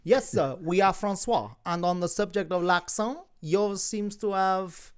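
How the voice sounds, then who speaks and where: A man's voice: high-pitched, a little slow, smooth. A man voicing a nervous, fawning male French sailor in an over-the-top fake French accent, read in a comedy script. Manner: polite, fawning, with French words mixed in.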